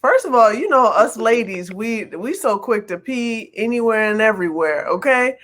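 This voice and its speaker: A woman co-hosting a late-night podcast, telling stories in lively casual chat and often breaking into laughter. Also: a little high, moderate pace. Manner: lively storytelling with bursts of laughter. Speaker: podcast co-host.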